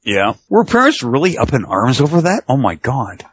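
A man's voice: medium pitch, huge pitch swings, normal speed, slight background noise. A man co-hosting a casual wrestling podcast, leading the topics and laughing often. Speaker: podcast co-host. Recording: dull dry lo-fi sound.

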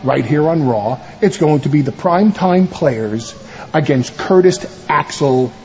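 Brief: a man doing a fast-talking, fawning wrestling manager, high and lively voice, dull played-back broadcast audio. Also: slight background noise. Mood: scheming. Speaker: wrestling manager in a backstage segment. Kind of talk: scripted televised wrestling promo.

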